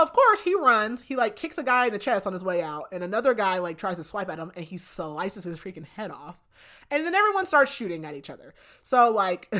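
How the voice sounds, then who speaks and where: A young woman hosts a podcast and recaps a book's plot in a relaxed, chatty way. She tells the story with animated energy and leans on "like" as she goes. Her voice sits at an ordinary middle pitch. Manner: animated storytelling, frequent "like", laughs. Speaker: podcast host. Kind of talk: casual book recap.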